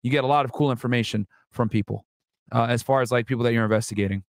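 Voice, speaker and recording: A man's voice: medium pitch, fairly even intonation, racing. A man, a former federal agent, giving casual, profane, joking commentary on a documentary.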